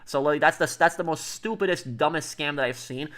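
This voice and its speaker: Rambling through a casual livestream chat, a man talks with his viewers, full of fillers and restarts. His voice is a little high, a bit bright, and a little fast.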